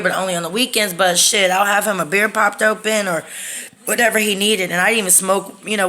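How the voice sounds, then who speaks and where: A woman records a storytime on her phone, talking candidly and rambling, with plenty of swearing. Her voice is bright and forceful, at a middle pitch. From Texas. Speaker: storytime vlogger. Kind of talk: casual storytime monologue.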